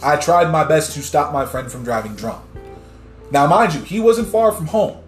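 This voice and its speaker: A man's voice: a little high, expressive, moderate pace. Ranting man, echoey room. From New Jersey. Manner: heated, swearing rant with blunt short sentences. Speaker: podcast host. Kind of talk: casual news commentary. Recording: echoey room with faint music.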